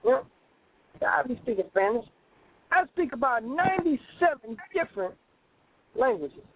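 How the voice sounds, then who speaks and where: A man's voice: very high voice, big pitch swings, unhurried, fairly bright tone, no room sound, poor audio. A man hosting a comedic call-in radio show, talking in a rambling, boastful way with broken grammar.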